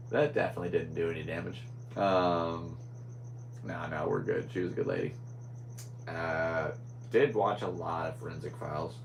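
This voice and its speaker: A man's voice: deep voice, fairly even intonation, moderate pace, vocal fry, long pauses, noisy background. A young man hosting a casual solo podcast, rambling and scatterbrained as he chats. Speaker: podcast host.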